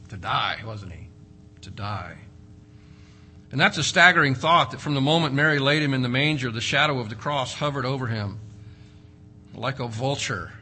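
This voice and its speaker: Bright-voiced man preaching a sermon. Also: medium pitch, slight background noise. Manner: dynamic preaching, slowing and rising for emphasis. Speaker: pastor.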